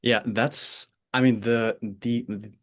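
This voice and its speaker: A man's voice: medium pitch, steady tone. American man hosting a chatty podcast. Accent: General American. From United States (Pennsylvania, Oregon). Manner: halting, many restarts, laughs easily. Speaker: podcast host. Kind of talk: casual chat.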